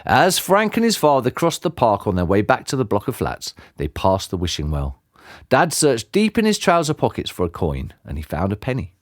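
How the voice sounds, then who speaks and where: A man reading a children's book aloud as a bedtime story, expressive and animated. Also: medium pitch, normal speed, dry recording, clean studio sound. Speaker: audiobook reader.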